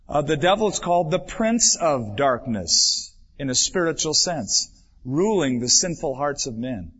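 A man preaching a sermon as pastor, building his voice up for emphasis and then dropping it low and quiet. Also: breathy edge. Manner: dramatic preaching, swells and drops for emphasis. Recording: dull lo-fi 1996 church recording.

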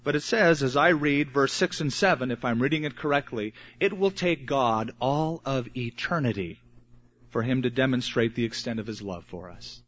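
An older man in his sixties preaching a sermon as pastor, earnest and emphatic with dramatic pauses. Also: mid-range voice, fairly bright tone. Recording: muffled lo-fi recording.

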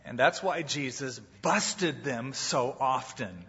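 A man's voice: medium pitch, slow, few pauses, bright, forceful tone, husky. A man preaching a sermon as pastor, dramatic and acting out the people he quotes. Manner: dramatic, acts out quoted voices. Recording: muffled hall recording with long reverb.

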